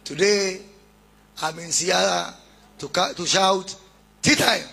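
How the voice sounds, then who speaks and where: A man with a Kenyan accent giving a deliberate, oratorical public speech as a government minister at a launch event, calling out greetings to the crowd. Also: high voice, steady tone, vocal fry, sharp tone, a little hiss or hum.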